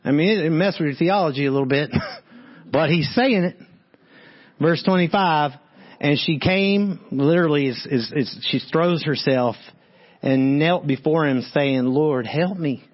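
Male preacher, lively, slightly high voice, lo-fi sound. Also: measured pace. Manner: animated, talks straight to listeners, reads verses then comments. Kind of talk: sermon on a Bible passage. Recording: dull lo-fi sound.

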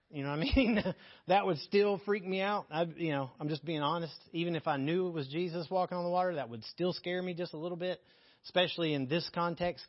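A man's voice: a little high, no room sound, dull audio. Man teaching the Bible, frank and jokey. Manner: candid and joking, reads scripture aloud. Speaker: preacher.

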